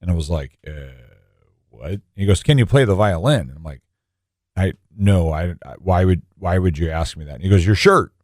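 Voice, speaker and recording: Lowish motivational male co-host. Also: normal speed, a little mellow, no room sound, clean studio sound. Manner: motivational, anecdotal, preachy. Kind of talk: faith podcast conversation, storytelling.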